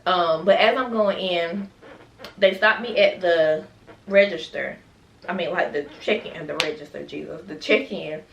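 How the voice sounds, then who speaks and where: A woman with a fairly low voice tells her story in a loose, chatty vlog style and keeps turning to her viewers. The sound is roomy and echoey. She is picked up from some distance from the mic. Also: unhurried, vocal fry, a little hiss or hum. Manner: chatty, talks straight to viewers with frequent asides. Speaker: mother sharing her birth story.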